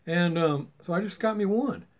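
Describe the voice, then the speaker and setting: A chatty man with a voice that sits a bit high for a man. He talks in a loose, folksy way, rambling from one thought to the next. The tone is casual and homespun. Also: normal speed. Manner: chatty, folksy and rambling, with Southern-style grammar. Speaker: die-cast car hobby vlogger. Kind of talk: casual rambling unboxing chat.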